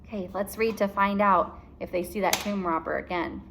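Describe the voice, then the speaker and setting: A woman teacher reading a story aloud to children, explaining it slowly and expressively. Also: mid-range voice, fairly even intonation, vocal fry, noisy background.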